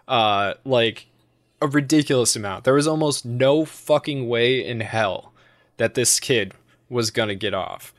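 A man's voice: mid-range voice, unhurried, no echo, studio quality. Profane, mocking American man. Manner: profane, mocking, rambling with fillers. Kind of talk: crude casual chat.

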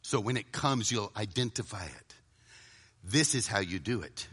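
A middle-aged man preaching a sermon to a live audience, dramatic, often dropping to a hushed voice for emphasis and acting out inner voices. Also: lowish voice, lively intonation, normal speed, slightly rough.

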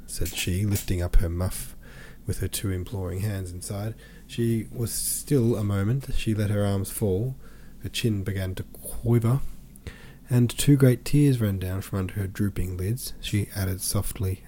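A man reading a classic novel aloud as an audiobook, steady and measured. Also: fairly low pitch, a little hiss or hum. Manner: steady, measured, even storytelling. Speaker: podcast host and audiobook reader.

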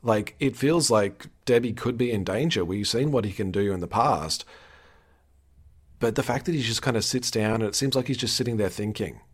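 Swearing freely, a male podcast co-host animatedly reacts to a show in a casual recap chat, acting out quotes. His voice is fairly low and husky at a normal speed.

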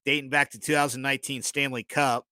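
A man's voice: mid-range voice, flat delivery, fast, pushed and bright, no room sound. A man co-hosting a podcast, telling rambling stories in casual chat and often apologizing for his own jokes. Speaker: podcast co-host.

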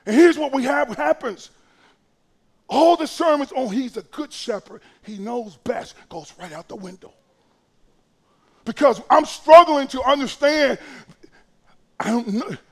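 A middle-aged male pastor with a strikingly high voice delivers a sermon. He talks folksy and conversational, then suddenly raises his voice to a shout for emphasis before dropping back to a near hush. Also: lively intonation, unhurried, vocal fry, long pauses. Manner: impassioned preaching that swings between hushed and shouted.

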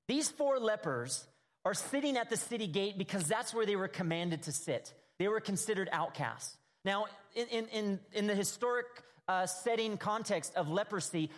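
A man's voice: high-pitched, a bit bright. A man preaching a sermon, earnest and emphatic, reading scripture with dramatic emphasis. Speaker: pastor. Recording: hall reverb.

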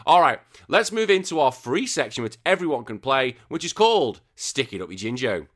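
A young man hosting a casual gaming news podcast, excitable and swearing freely, often trailing off into quiet asides. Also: mid-range voice, normal speed. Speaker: podcast host.

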